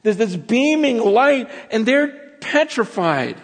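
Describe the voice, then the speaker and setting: A middle-aged man preaching a sermon as pastor, telling the story in an animated way that swings from loud to hushed. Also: very high voice, takes it slowly, breathy edge. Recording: long reverb of a large hall.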